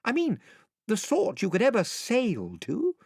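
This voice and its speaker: A curious young girl asks earnest, wondering questions in a high, lilting voice, as a man puts her on while reading a storybook aloud. She speaks slowly, and her tone rises and falls widely. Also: huge pitch swings, gravelly, darkish tone, slightly rough, dry recording, clean studio sound, exaggerated voice.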